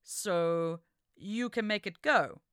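A woman voicing a mischievous old male tribal elder who asks drawn-out, teasing questions. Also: medium pitch, a bit bright, clear, resonant tone, no room sound, clean studio sound.

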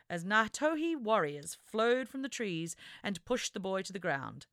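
A woman reading an adventure story aloud as narrator, with expressive, dramatic storytelling. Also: mid-range voice, unhurried, no room sound, clean studio sound. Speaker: audiobook narrator. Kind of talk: scripted narration.

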